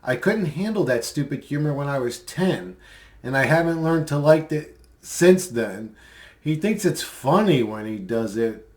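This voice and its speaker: Rambling man with a higher voice. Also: expressive, a little slow, a little mellow. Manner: mocking, rambling, many fillers. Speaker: video creator replying to comments. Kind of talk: casual commentary vlog.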